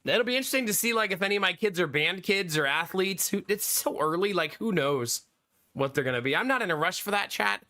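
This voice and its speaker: A man's voice: high-pitched, lively intonation, brisk, pushed and bright. A man in his thirties chatting casually on a live stream, laughing often and answering chat.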